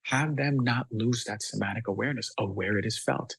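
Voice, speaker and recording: Man, guest doctor, gravelly husky voice, dry close sound, emphatic podcast talk. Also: on the low side, fairly quick, few pauses, a bit bright, no echo, poor audio. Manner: emphatic, acts out children's voices.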